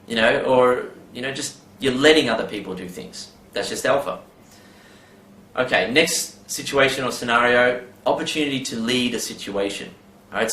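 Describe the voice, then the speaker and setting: A man's voice: medium pitch, a bit bright, a little hiss or hum. A man giving a casual advice monologue, rambling with many fillers and tag questions. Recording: roomy with faint background ambience.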